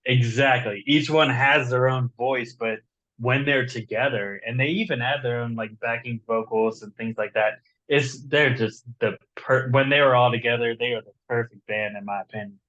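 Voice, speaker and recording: A man's voice: mid-range voice, moderate pace, fairly bright tone, highs cut off. A man with a slight Southern accent, chatting as a guest author in a rambling, enthusiastic way and often repeating words. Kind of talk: casual chat.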